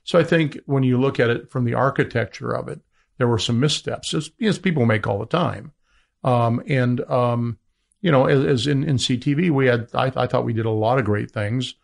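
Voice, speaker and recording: Gravelly male business guest. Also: moderate pace. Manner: rambling, many restarts, pitching business. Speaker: media entrepreneur guest. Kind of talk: interview.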